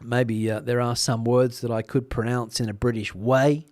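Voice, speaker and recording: A man's voice: mid-range voice, normal speed, no echo, clean studio sound. Rambling middle-aged Australian man, live-streaming. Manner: relaxed, rambling, many fillers and restarts. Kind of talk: casual live-stream chat reading comments.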